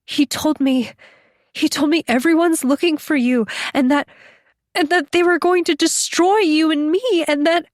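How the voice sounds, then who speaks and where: A woman's voice: a little high, slow, pauses often, dry recording, clean studio sound, pitched above the performer's own voice. A woman narrator voicing a frightened, hurt teenage girl who is crying, speaking in broken, breathless pleas. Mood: sobbing.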